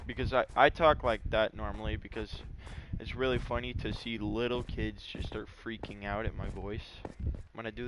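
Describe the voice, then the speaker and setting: Give me a casual male gaming YouTuber, rambling story-style over a noisy recording. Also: medium pitch. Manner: rambling storytelling with many fillers. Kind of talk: casual gameplay chat.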